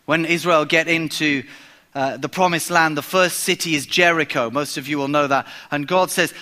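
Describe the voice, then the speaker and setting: A man's voice: a little high, steady tone, normal speed, pushed and bright. A man, preaching a sermon in a conversational way, with emphatic repetition and frequent restarts. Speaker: pastor.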